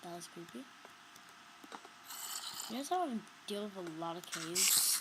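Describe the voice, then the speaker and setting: A woman's voice: mid-range voice, animated, normal speed, long pauses, noisy background. A woman giving casual commentary on her own gameplay, talking to viewers and shrieking when startled. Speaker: gamer narrating her play.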